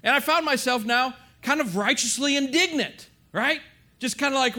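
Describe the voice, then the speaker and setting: A man preaching in an animated, confessional storytelling way, often checking in with his listeners. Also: very high-pitched, moderate pace. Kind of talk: storytelling sermon.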